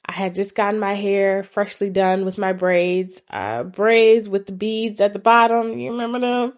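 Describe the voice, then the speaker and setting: A woman vlogger earnestly telling a personal story in a reflective, sometimes soft-spoken way. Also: medium pitch, fairly even intonation, normal speed.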